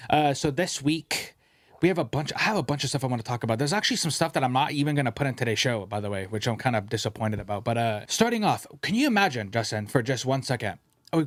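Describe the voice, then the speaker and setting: Profane, animated man hosting a podcast. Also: medium pitch, dry recording. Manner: animated, profane, rambling storyteller. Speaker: podcast host. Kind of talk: casual podcast chat. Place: podcast studio.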